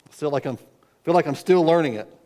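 A middle-aged man preaching a sermon as a pastor, earnest and story-driven, with sudden loud outbursts when he acts out his own cries. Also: a little high, quick pace.

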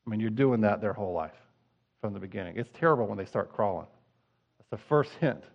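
Delivering a sermon in a lo-fi recording, a middle-aged pastor talks quickly in a lowish, animated voice with vocal fry. He moves conversationally from quiet asides to fervent appeals.

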